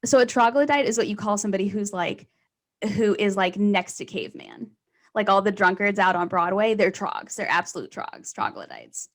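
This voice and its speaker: A woman's voice: mid-range voice, animated, moderate pace. Woman comic, chatty and rambling, mid-range voice, casual chat. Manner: chatty, rambling, laughs often. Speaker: stand-up comedian. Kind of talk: casual conversation.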